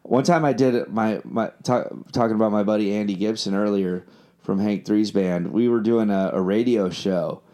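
A man's voice: lowish voice, steady tone, normal speed, dark tone. A man in a casual chat, talking about filmmaking and his songwriting with loose, rambling storytelling full of fillers and restarts.

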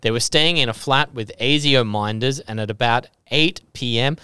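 A man's voice: medium pitch, moderate pace, bright, forceful tone, clear, resonant tone, no room sound. Laughing Australian storyteller man. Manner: reads the story out, laughing and joking between lines. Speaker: podcast co-host telling the story. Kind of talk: casual storytelling podcast.

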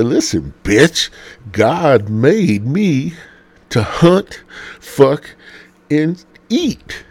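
A man doing an impression of a crude, boastful womanizing male pastor who rants loudly in a husky voice. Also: mid-range voice, no room sound, pitched above the performer's own voice. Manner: loud, crude, ranting.

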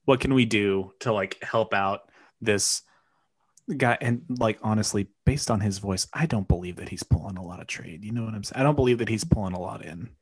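A man's voice: fairly low pitch, fairly quick, husky, no room sound. A man co-hosting a casual comedy advice podcast, easygoing and agreeable, with playful teasing. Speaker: podcast co-host.

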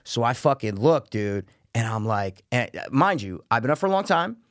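A man telling a story in casual chat, profane and animated, loudly acting out what people said. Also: mid-range voice, normal speed, no echo, studio quality. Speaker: podcast co-host telling a story.

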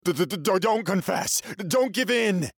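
A man's voice: expressive, measured pace, slightly rough, no echo, studio quality. A man doing a frantic, stammering prisoner. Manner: stutters and yells, high and strained.

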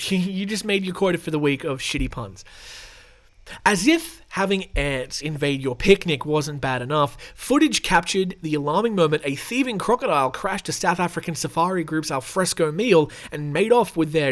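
A man's voice: on the high side, lively intonation, moderate pace. An Australian man hosting a podcast, reading news stories aloud with sarcastic, rambling asides and casual swearing. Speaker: podcast host.

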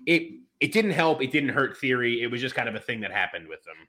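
Animated man rambling about wrestling. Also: medium pitch, fast. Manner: rambling, lots of fillers and restarts. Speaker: podcast co-host. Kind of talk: casual wrestling podcast chat.

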